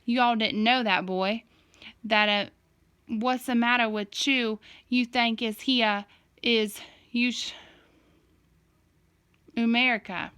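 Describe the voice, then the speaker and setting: A woman voicing a father who puts on a slow, teasing Southern drawl in a storybook reading. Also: fairly high pitch, steady tone, fairly bright tone, clear, resonant tone, no echo. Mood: joking drawl.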